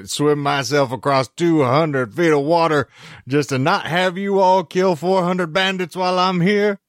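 Man doing a boastful rustic mountain man, folksy drawl, raised pitch, podcast bit. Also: fairly even intonation, extremely slow.

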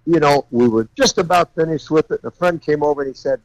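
A man guest, a custom car builder, telling folksy, animated stories and laughing along the way. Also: a little high, fast talker, no echo, rough recording. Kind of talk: anecdotal storytelling.

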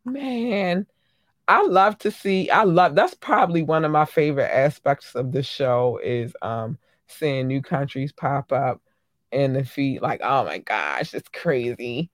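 A woman hosting her own podcast in casual solo chat, giving effusive shout-outs to listeners with frequent ums and sudden animated bursts. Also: low voice, measured pace, dry recording. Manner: animated, swings into loud excited bursts. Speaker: podcast host.

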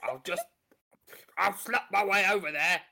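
A man doing a gravelly stranded jellyfish. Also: high voice, animated, measured pace, background noise, full character voice. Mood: parched. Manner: weak, gasping, pleading. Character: parched jellyfish stranded on dry land.

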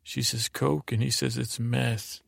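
Man, podcast host, gravelly fry, very even flat delivery, meandering and halting. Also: medium pitch, no echo, studio quality. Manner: meandering, halting, with many fillers and restarts. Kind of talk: rambling sleep podcast recap.

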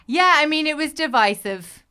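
A woman co-hosting a podcast, recounting a story in casual chat with a wry, deadpan manner. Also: high voice, moderate pace. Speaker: podcast co-host.

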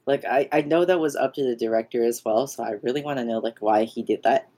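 A woman's voice: extremely low pitch, quick pace, warm tone. A young woman co-hosting a podcast, chatting casually about films, ranting with lots of "like" and swearing. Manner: ranting, heavy use of "like" and swearing. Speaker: podcast co-host. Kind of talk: casual fan chat.

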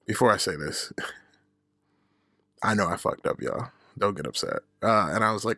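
On his own podcast, a man shares a candid, profane personal story, laughing at himself and voicing the people he quotes. His voice sits on the low side, very animated, gravelly and sharp, at a moderate pace, recorded in a studio with no echo.

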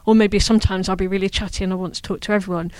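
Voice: medium pitch, level tone, rapid-fire, smooth, no echo. An interviewer asking curious, engaged follow-up questions and thinking aloud in conversation.

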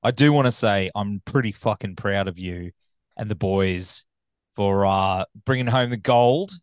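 A man's voice: fairly low pitch, measured pace, clear, resonant tone, dry recording, clean studio sound. A man hosting a podcast interview, joking and loose, swearing casually. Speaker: podcast host.

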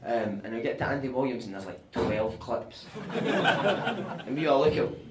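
A Scottish man telling animated, sweary anecdotes on stage at a live podcast show, often laughing as he talks. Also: mid-range voice, unhurried, heavy background noise. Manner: animated, sweary, laughing through his stories. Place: live venue with audience. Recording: echoey room, mic at a distance.

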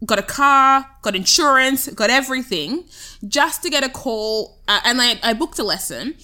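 A young woman hosting a casual chat, telling stories in a chatty, expressive way with many fillers. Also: mid-range voice.

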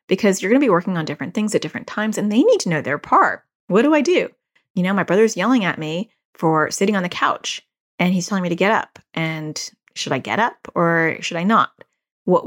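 A woman in her forties hosting a podcast, giving casual parenting advice and repeating key phrases for emphasis. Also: lowish voice. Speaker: podcast host and parenting coach.

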